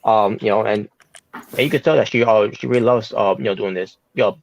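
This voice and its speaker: A man's voice: lowish voice, brisk, creaky, poor audio. Rambling man in casual podcast chat. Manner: rambling, full of fillers and restarts. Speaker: podcast co-host.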